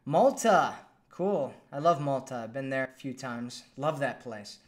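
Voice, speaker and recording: A man's voice: mid-range voice, animated, a little slow. A man hosting a live stream as a dating coach, reading out viewer comments in a casual, upbeat, chatty way.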